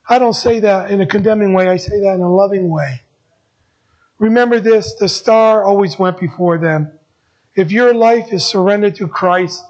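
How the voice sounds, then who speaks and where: A middle-aged man preaches to his congregation in an earnest, high-pitched voice. He repeats key phrases and moves between emphatic lines and soft ones. The recording is dull and lo-fi. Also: normal speed. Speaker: pastor. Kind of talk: sermon.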